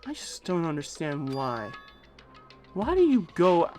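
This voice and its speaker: A man's voice: fairly high pitch, huge pitch swings, unhurried, a little mellow, faint music behind. A man voicing an earnest teenage boy student in a game, indignant and pleading.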